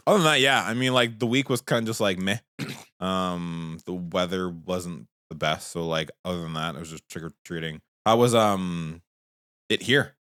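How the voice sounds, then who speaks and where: Animated man telling stories on a podcast. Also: low voice, clean tone, no room sound, studio quality. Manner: animated storyteller, acts out quotes with laughter. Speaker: podcast co-host. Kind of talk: casual chat.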